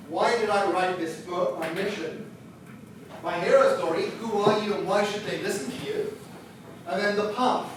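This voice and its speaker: A man with a high voice, a book publisher, delivers a workshop on how to write a book, chatting casually and making fun of himself. Slight background noise is present, and the room sounds echoey and distant.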